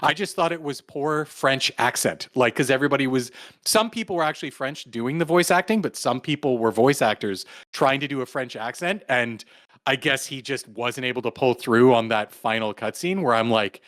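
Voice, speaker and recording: A man's voice: medium pitch, moderate pace, a bit bright, no room sound. Rambling male podcast co-host, dry sound. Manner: rambling, full of "like" and "um". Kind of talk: casual chat.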